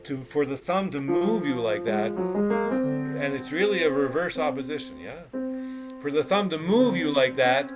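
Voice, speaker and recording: A male piano teacher on a video call, his voice sitting a touch high. He drives points home by repeating short cues over and over, with piano playing clearly behind him. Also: lively intonation, unhurried. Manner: emphatic, repeats short cues while demonstrating. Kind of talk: one-on-one instruction.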